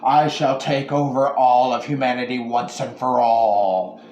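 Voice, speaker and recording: A man voicing a cruel, ancient male demon that speaks slowly and gloats, recorded in an echoey room. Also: mid-range voice, fairly even intonation, a little mellow, highs cut off, lightly acted. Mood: triumphant. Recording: echoey room with faint ambience.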